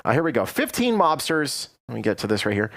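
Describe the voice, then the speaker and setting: A man's voice: mid-range voice, sing-song, quick pace, a bit bright. A man hosting a casual live show, reading news items aloud with playful asides. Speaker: radio and TV show host. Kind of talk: casual live-stream chat.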